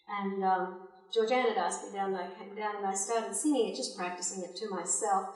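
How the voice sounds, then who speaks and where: A woman's voice: medium pitch, brisk. An older woman, a singer and music teacher, chatting and laughing as she tells stories between songs at a concert. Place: concert hall. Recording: echoey hall, mic from far off.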